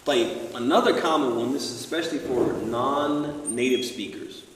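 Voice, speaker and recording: Speaking at a moderate pace in a mid-range, fairly bright voice, a religious studies teacher guides an evening study circle, explaining with patience and using rhetorical questions to check on his listeners. The large community center hall makes him sound distant and echoey, with slight background noise.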